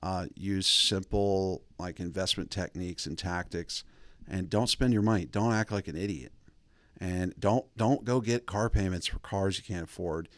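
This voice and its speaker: A man's voice: sits low, moderate pace, a bit bright, dry recording. A man hosting a podcast, talking in a loose, rambling comic monologue. He wanders off on tangents and laughs at his own jokes. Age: adult father of kids. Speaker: podcast host.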